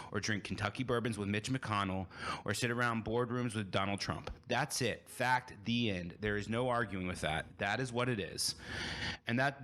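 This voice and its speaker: A man's voice: lowish voice, a bit bright, a little hiss or hum. A man in his thirties, a podcast host giving a blunt, emphatic opinion monologue.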